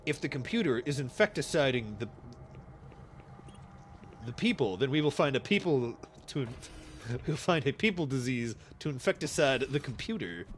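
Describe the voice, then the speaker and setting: A man's voice: medium pitch, lively intonation, moderate pace, slight background noise. Goofy young man streaming a game. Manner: goofy, laughing, quoting cartoon lines in silly voices. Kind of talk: casual gaming stream chat.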